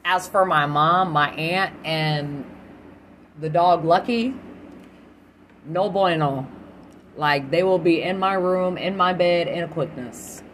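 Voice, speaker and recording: A woman's voice: fairly low pitch, slow pace, pauses often, fairly bright tone, slight background noise. A young adult woman hosting her own podcast, chatting candidly and swearing freely. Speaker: podcast host. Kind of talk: casual solo podcast chat.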